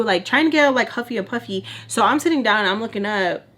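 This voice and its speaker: A young woman from Texas telling a casual storytime, blunt and animated, swearing and saying "like" a lot. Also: fairly high pitch, fast talker. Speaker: storytime vlogger.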